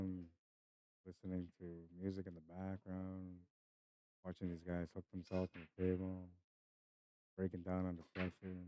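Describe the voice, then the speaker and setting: A man's voice: sits low, smooth, no echo. A young man giving casual live-stream commentary on a pool match, chatty and laughing as he greets viewers by name. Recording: dry, slightly dull stream audio.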